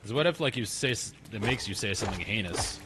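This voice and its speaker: A man with a fairly low voice talks his way through a game stream, chatty one moment and muttering to himself the next. The recording carries a clear layer of noise and clicking. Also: animated, fast. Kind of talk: casual gameplay commentary.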